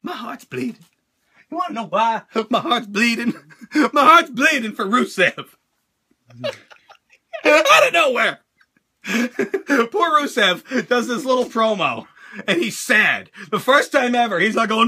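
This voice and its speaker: Excitable, profane male host, very bright and sharp, high voice. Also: a little slow, slightly rough. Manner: excitable, profane, laughing often. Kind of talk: casual chat.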